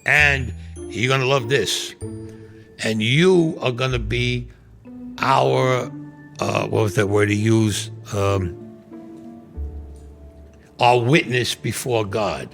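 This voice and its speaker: A man's voice: medium pitch, slow, creaky, music in the background. A man, telling a story bluntly and profanely in an interview. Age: 70s. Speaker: interview guest.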